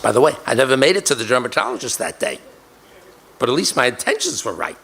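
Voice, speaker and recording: Older man telling a story, gravelly voice. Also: mid-range voice, very animated, a bit bright, slight background noise, rough recording. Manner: deliberate, repeats key details for emphasis. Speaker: speaker recounting a personal story. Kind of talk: storytelling speech.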